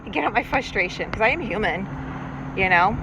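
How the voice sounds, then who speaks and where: Speaking a little fast with lively intonation, a middle-aged woman hosts a podcast while paddleboarding on a lake. Her medium-pitched talk is a casual monologue, rambling, chatty and self-reflective. Boats go by on the water, and their noise runs through the recording.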